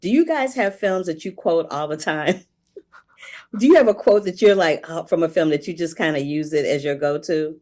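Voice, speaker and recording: A woman with a notably low voice hosts the interview. She asks her questions playfully and laughs easily at her guests' answers. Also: lively intonation, moderate pace, darkish tone. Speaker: interview host. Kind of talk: casual interview.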